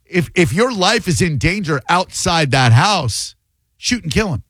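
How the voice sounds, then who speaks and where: A male call-in radio host, opinionated and emphatic, who breaks into jokes between his points. His voice sits a little higher than most men's. The sound is dry and close, with no room around it. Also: very animated, unhurried, a bit bright, dry recording, poor audio. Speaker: radio talk show host.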